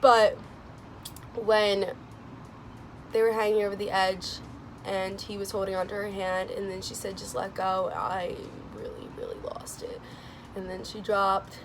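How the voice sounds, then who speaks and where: A young woman vlogger chatting casually about a movie she just saw, gushing and excitable, with lots of "like"s, laughs and sighs. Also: measured pace, pauses often, background noise. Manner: gushing and excitable, many "like"s, laughs and sighs, swings into squealing high quotes. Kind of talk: casual chat.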